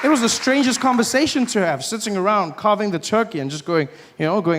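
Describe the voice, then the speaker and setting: A man performing a stand-up routine, animated and acting out other people in shifting voices. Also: high voice, fast, hardly any pauses. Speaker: stand-up comedian. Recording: live stage with audience noise.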